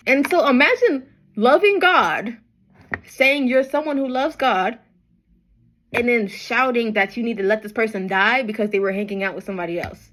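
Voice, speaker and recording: A young woman from Nigeria retelling a Bible story in casual slang, acting out the people in it with lively quoted voices. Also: moderate pace, low-quality recording. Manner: animated, acts out crowds with high-pitched quoted voices and slang. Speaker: bible study vlogger.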